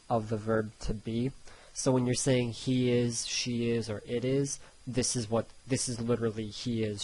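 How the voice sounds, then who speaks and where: A man in an Italian pronunciation lesson, his voice slightly husky and his delivery slow. He drills each example word twice, then drifts into relaxed, rambling explanation. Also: medium pitch, low-quality recording. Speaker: Italian tutor.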